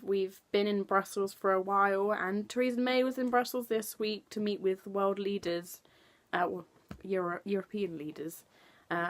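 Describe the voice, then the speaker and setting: Ranting young woman vlogger. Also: mid-range voice. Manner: heated, swearing, heavy use of "like". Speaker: political vlogger. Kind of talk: opinion vlog rant.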